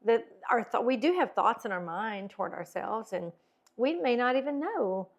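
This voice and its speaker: A middle-aged woman co-hosting a casual faith and wellness talk show, animated, acting out tones of voice and laughing often. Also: on the high side, moderate pace. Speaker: podcast co-host.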